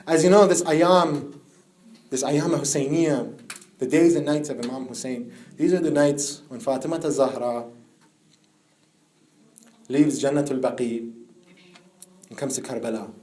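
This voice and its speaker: A young man giving a religious lecture to a youth group, building from plain storytelling to a high, tearful lament. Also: measured pace, long pauses, a little mellow. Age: young adult.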